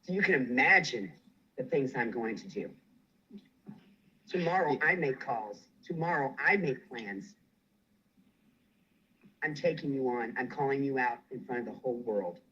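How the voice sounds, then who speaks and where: A man's voice: mid-range voice, animated, unhurried, long pauses, bright, forceful tone, highs cut off, slight background noise. A man furiously ranting on a livestream, swearing and making threats. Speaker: guest on a livestream. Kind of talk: angry livestream rant.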